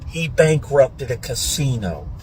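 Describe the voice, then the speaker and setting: A man's voice: mid-range voice, big pitch swings, slow, a little mellow, a little hiss or hum, poor audio. A man ranting in a scornful, dismissive tone. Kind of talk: social media rant.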